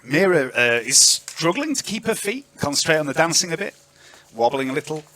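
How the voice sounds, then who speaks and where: A man narrating as game master of a tabletop game, chatty and lively, on an online voice call. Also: a little high, a little fast, no echo. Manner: lively, chatty, filler-heavy.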